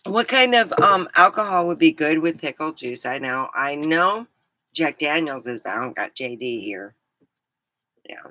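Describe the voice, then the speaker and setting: A woman's voice: deep voice, animated, moderate pace, pushed and bright. A middle-aged woman vlogging, telling a rambling story in a casual, giggly way. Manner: rambling, giggly, breaks into laughter.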